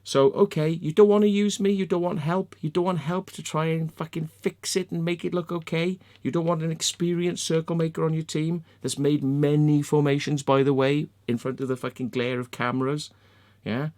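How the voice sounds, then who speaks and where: A slightly high male voice with a darkish tone, fairly even intonation and normal speed belongs to a vlogger and crop circle maker. He mutters while searching his screen during a screen-share vlog, then rants angrily, swearing constantly and repeating himself.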